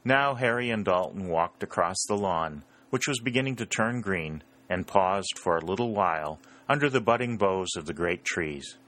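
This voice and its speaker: A man with a very low voice narrates a historical novel. His reading is steady, and the characters' dialogue comes out a little higher. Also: normal speed, hardly any pauses. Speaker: audiobook narrator. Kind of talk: scripted narration.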